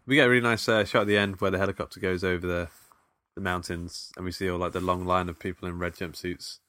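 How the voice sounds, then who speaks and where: A man with a lowish voice and bright, forceful tone is chatting on a film podcast. He runs a trivia round with playful teasing. The recording is dry and close. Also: level tone, fast, dry recording. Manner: quizzing with playful banter. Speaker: podcast co-host. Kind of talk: casual film podcast chat.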